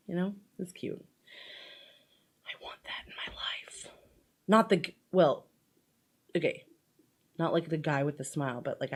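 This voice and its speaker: A woman's voice: low-pitched, darkish tone, breathy edge. A woman chatting casually through a makeup tutorial, rambling with lots of fillers and playful asides. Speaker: makeup vlogger.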